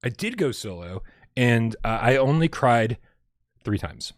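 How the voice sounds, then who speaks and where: A man's voice: medium pitch, big pitch swings, a little slow, no echo, clean studio sound. A man co-hosting a casual gaming podcast, joking around and rambling with restarts. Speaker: co-host.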